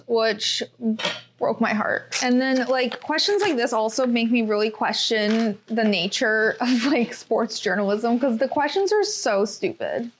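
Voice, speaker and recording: A young woman with a slightly high voice hosts a casual podcast recap. She talks eagerly and informally, piling on fillers as she goes. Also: unhurried, slight background noise. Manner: chatty, enthusiastic, lots of fillers. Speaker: podcast host. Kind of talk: casual race recap chat.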